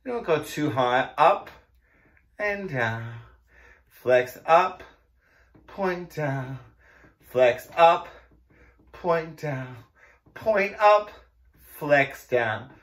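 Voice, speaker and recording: Lively Boston-accented man teaching Pilates. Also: a little high, drawn-out words, long pauses. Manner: playful, jokey, counts and cues moves. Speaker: Pilates instructor. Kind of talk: cueing a mat Pilates class.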